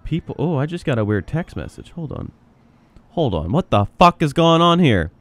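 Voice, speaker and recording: A man narrating his own gameplay in a playful role-play, his voice sitting a bit high and leaping around with animation. He curses freely and breaks into sudden shouts of excitement. The sound is close and direct from a headset mic. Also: normal speed, no echo. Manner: excitable and profane, bursts into shouting. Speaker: gameplay commentator.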